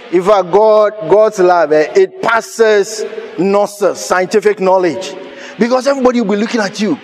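A man preaching a sermon, telling a personal story with animated laughter and sudden shouted lines. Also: sits high.

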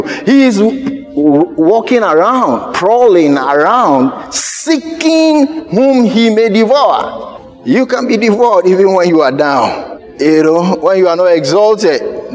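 A male preacher delivers his sermon in a lively voice that swings widely in pitch and sits a little high. He races through asides, then shouts or stretches out words for emphasis. Soft music plays faintly behind him. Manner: animated preaching, sudden shouts and drawn-out emphasis.

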